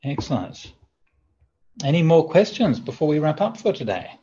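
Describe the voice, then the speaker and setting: A man, a Buddhist monk, answering questions in an online sutta class, relaxed and chatty with light humor. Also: a little high, normal speed. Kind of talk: online teaching Q&A. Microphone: video call. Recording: dull lo-fi video call audio.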